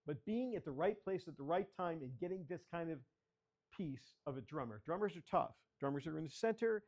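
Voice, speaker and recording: A man's voice: fairly high pitch, lively intonation, fairly quick, darkish tone. An older man, a photographer, telling stories as he takes a club through a slideshow of his work and calls for each next slide. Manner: chatty storyteller, asking for the next slide. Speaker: guest speaker, photographer. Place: children's library area.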